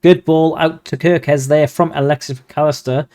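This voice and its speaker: A man giving casual, excitable commentary over a football management game, swearing when he gets frustrated. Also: fairly high pitch, normal speed. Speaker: video game streamer.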